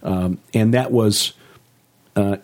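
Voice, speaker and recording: A man co-hosting a casual podcast chat, speaking in a measured, hesitant way with frequent pauses. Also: on the low side, steady tone, a little mellow. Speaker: podcast co-host.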